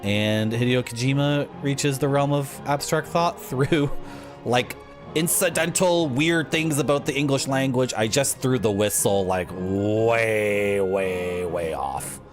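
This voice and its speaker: A male streamer commenting on a game live at home, his voice pitched at an ordinary middle range. He talks in a rambling, jokey way and wanders off on tangents. Game music plays clearly underneath. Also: measured pace.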